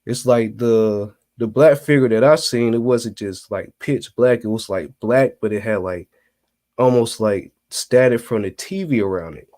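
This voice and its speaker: Unhurried and mellow, this mid-range male voice belongs to a young podcast co-host from North Carolina. He tells a relaxed story, slangy and loaded with filler words, over what sounds like a remote call connection.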